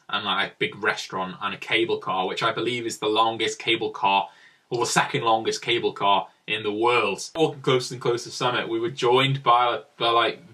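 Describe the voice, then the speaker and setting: Chatty young man, bright voice. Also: medium pitch, far from the mic. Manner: chatty, rambling, many "like" fillers. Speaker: travel vlogger. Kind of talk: casual storytelling narration.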